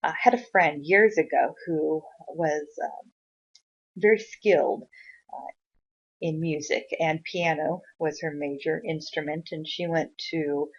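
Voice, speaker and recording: A woman giving a conversational recorded university lecture, with frequent fillers and sudden bursts of loud emphasis. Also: deep voice, steady tone, measured pace, husky, highs cut off.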